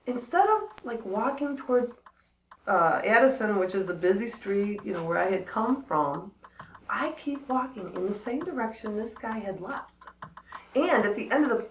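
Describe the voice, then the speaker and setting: A woman's voice: medium pitch, normal speed, reverberant, slight background noise, rough recording. A woman casually telling a personal story to friends, laughing often and acting out what people said. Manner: animated, laughs often, acts out quotes.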